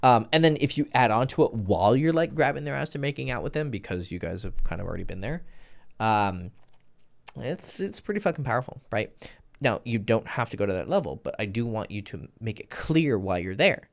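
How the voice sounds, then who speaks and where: A man's voice: medium pitch, animated, fairly quick, vocal fry. A man giving dating advice in a casual, blunt and profane way, often acting out both sides of a conversation. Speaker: dating coach. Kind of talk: casual instructional talk.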